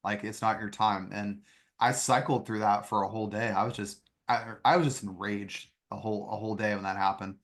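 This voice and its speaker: A man's voice: lowish voice, fairly even intonation, fairly quick. A man hosting a podcast interview, talking in an earnest, reflective way with frequent "um" fillers. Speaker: podcast host.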